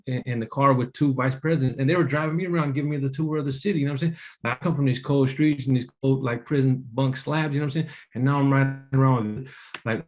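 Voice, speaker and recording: A man telling his personal story to a meeting audience in a casual, rambling way, full of fillers and restarts, earnest and emotional. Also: mid-range voice. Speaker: apprentice speaker at a business meeting.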